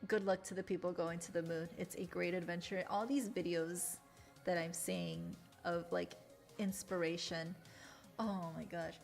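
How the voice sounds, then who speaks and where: Chatty woman streamer with gravelly voice. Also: lowish voice, level tone, a little slow. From Latin America. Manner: chatty, laughs often, emotional. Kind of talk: casual stream chat. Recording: faint music behind.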